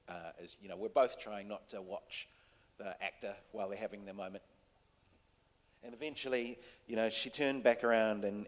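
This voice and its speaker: A man who works as a TV director, telling a story to a panel audience in a casual, halting way full of restarts and fillers. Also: lowish voice. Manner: halting, many restarts and fillers, soft-spoken. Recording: long hall reverb.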